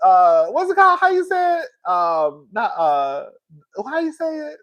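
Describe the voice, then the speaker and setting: A woman talking casually to her viewers on a live stream, reading their comments and getting loud and excited when she is worked up. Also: a little slow. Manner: animated, swings high and loud when worked up.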